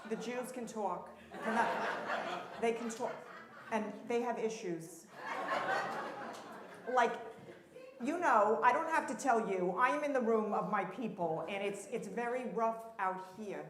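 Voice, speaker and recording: Lady doing a rambling therapist bit live, kinda high voice, echoey hall, crowd laughing behind. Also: a little slow, long pauses. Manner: flustered, rambling, effusive, many restarts. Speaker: comic performer playing a therapist at a live event. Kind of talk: live character comedy. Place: temple event hall with live audience. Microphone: handheld mic on stage. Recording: roomy hall, audience noise and laughter.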